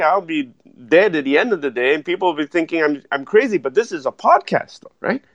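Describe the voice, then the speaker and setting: A man's voice: fairly high pitch, fast, dry recording. Upbeat man coaching on speaking. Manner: energetic, keeps asking "right?" and tacking on "though". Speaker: guest, speaking instructor. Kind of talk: animated advice in a podcast interview. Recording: dull lo-fi dry sound.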